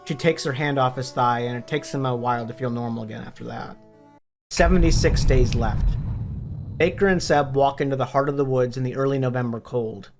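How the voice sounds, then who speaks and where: A man's voice: mid-range voice, fairly even intonation, quick pace, gravelly, few pauses. Man recapping a novel's plot. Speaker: book reviewer. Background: faint background music.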